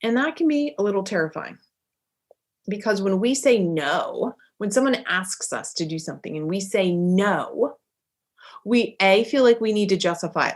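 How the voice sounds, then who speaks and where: Middle-aged lady coach giving a pep talk, punchy and animated, acts out little bits of dialogue. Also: mid-range voice, normal speed. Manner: emphatic and animated, acting out dialogue. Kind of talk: motivational talk.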